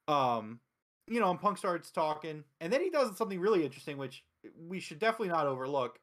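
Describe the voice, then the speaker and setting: A man hosts a casual review show, talking with excitable energy and frequent swearing. His voice sits a little high, and he keeps slipping into quick quoted lines as he retells what happened. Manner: excitable, profane, recaps with acted quotes. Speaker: wrestling show host.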